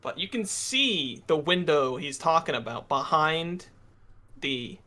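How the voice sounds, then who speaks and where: A man's voice: a little high, expressive, takes it slowly, sharp tone. A young man co-hosting a casual reaction chat, dry and teasing. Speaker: channel co-host.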